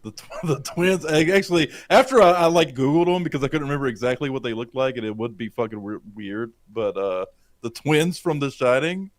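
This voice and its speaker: A man's voice: mid-range voice, lively intonation, a little fast, no echo. A man co-hosting a live show, rambling casually with heavy swearing. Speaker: podcast co-host. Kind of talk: casual livestream chat.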